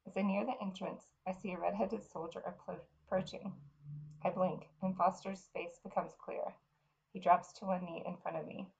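A woman reading a fantasy novel aloud in the first person, in an earnest, unhurried way. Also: lowish voice, fairly even intonation, vocal fry, a little mellow, lo-fi sound. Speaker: reader.

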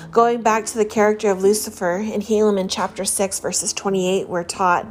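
A woman giving a devotional talk in an earnest, measured way, reading scripture passages aloud between her own reflections. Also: mid-range voice, fairly even intonation, a little mellow. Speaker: religious speaker. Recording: faint music behind the voice.

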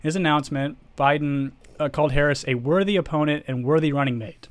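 A man's voice: a little high, fairly even intonation, fast talker. Ranting, profane male podcast co-host. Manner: profane, heated ranting with many restarts. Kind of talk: casual political chat.

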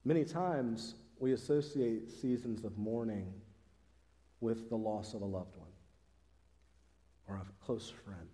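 Male pastor, mellow low-key tone, earnest conversational preaching, church reverb trailing each line. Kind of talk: sermon. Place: church sanctuary.

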